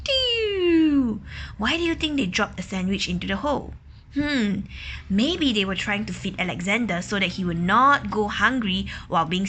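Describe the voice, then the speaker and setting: A woman reading a children's picture book aloud, pausing to ask questions, explain words and imitate quacking ducks. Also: mid-range voice, bright, forceful tone, slight background noise. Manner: imitates quacking and gasps for effect. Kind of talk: children's story read-aloud.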